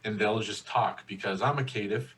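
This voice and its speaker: A man's voice: lowish voice, normal speed, a bit bright, a little hiss or hum, poor audio. A man playing in a tabletop game, laid-back and swearing casually as he plans his moves. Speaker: player.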